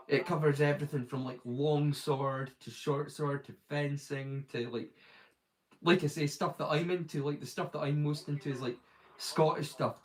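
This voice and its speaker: A man's voice: mid-range voice, low-quality recording. A man hosting a live stream, chatting casually and rambling, with lots of "like" fillers and restarts. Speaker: streamer, host.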